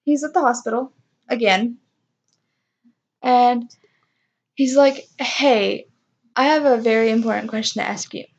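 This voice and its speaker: A woman's voice: fairly high pitch, fairly even intonation, measured pace, pauses often, dull audio. A young woman casually telling a personal story, self-mocking and acting out what others said. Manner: chatty, self-mocking, acts out quoted voices.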